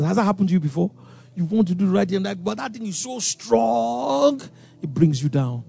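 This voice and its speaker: Animated high-pitched pastor preaching. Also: male voice, normal speed, vocal fry, breathy edge, no echo, faint music behind. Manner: animated preaching, acts out voices, sudden loud outbursts. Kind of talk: sermon.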